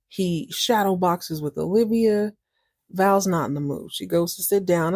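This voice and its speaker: A woman hosting a podcast, recapping a TV episode in a chatty, animated way and acting out the characters. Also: on the low side, vocal fry, no echo, studio quality. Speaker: podcast host.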